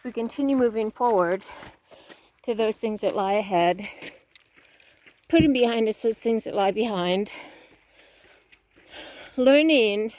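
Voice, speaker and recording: A woman's voice: a little high, slow pace, long pauses, a little mellow. A woman giving an earnest, repetitive motivational talk outdoors while walking with ankle weights, slightly out of breath. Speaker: fitness vlogger.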